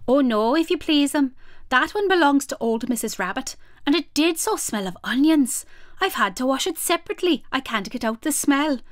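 A woman's voice: high voice, animated, moderate pace, dry recording, clean studio sound, pitched above the performer's own voice. A woman voicing an anxious, stout little hedgehog washerwoman who speaks in a humble, fussy, polite country way, read aloud from a storybook.

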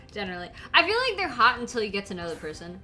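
Giggly woman with a bright voice. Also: mid-range voice, big pitch swings, a little fast, soft background music. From United States. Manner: giggly, laughs often, rambling. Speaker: streamer. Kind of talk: casual chat while playing a game.

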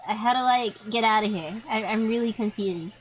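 A young woman streaming a game, chatting to her viewers with lots of swearing and sudden excited outbursts. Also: fairly high pitch, moderate pace, rough recording. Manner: excitable, swears freely, talks to chat. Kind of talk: live gameplay commentary.

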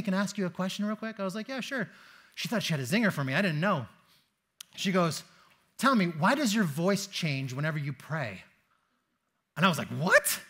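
High, bright-voiced man preaching casually. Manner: conversational, storytelling preacher with casual fillers. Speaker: pastor. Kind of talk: sermon. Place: church sanctuary.

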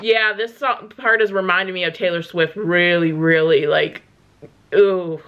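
A woman's voice: on the low side, fairly even intonation, unhurried, clean tone, muffled recording. A woman hosting a casual music reaction video, gushing and exclaiming with lots of "like" and "um". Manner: gushing, exclamatory, chatty with many fillers. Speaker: reaction channel host.

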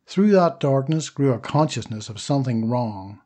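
A man narrating a short story as an audiobook, steady and even. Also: medium pitch, moderate pace. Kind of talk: scripted narration.

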